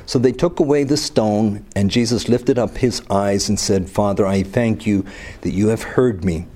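A man's voice: lowish voice, moderate pace, a little mellow, breathy edge. A man leading a Bible study, reading scripture aloud and then commenting casually with rhetorical questions and teasing asides. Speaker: Bible teacher.

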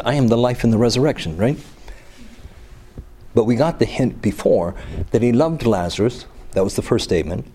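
A Bible teacher with a fairly low, warm voice leads a Bible study, reading scripture aloud and then commenting casually. He uses rhetorical questions and teasing asides.

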